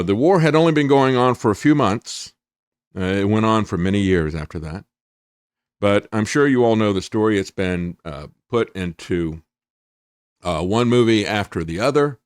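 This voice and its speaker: A man hosting a talk show, retelling a wartime story in an unhurried monologue with frequent fillers and read-out quotes. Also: lowish voice, dry recording, studio quality. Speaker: show host. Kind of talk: casual monologue retelling history.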